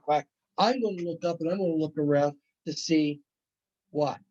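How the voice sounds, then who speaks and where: A man's voice: on the high side, moderate pace, darkish tone, lo-fi sound. A male college instructor giving a conversational lecture, often checking in with "right?" and acting out playful examples. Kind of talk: recorded classroom lecture.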